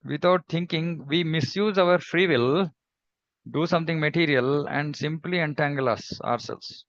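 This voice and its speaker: A man giving a devotional scripture class in a reflective, measured way, pausing often and humming between thoughts. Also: on the high side, a bit bright, no room sound, lo-fi sound. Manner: reflective, measured, with pauses and hums. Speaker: scripture teacher.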